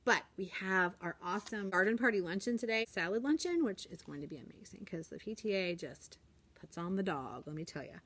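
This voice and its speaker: A woman's voice: lively intonation, fairly quick, a bit bright. A woman in her forties, a teacher, chatting upbeat and casual in her classroom while she shows things to a handheld camera. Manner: chatty and upbeat, acts out kids in a high voice. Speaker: elementary school teacher. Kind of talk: casual classroom vlog chat. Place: classroom, indoors.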